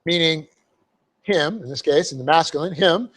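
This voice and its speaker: A man's voice: fairly high pitch, normal speed, fairly bright tone. Man teaching a verse-by-verse Bible lesson. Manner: explanatory, parenthetical asides, frequent "okay?" checks. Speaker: pastor teaching Bible study. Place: church hall.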